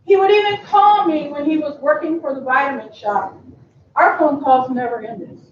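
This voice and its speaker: A woman's voice: high-pitched, normal speed, a little hiss or hum. A woman from Kentucky giving an affectionate memorial tribute speech, often laughing between lines. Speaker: eulogy speaker. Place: memorial service venue. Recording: echoey, distant, muffled room sound.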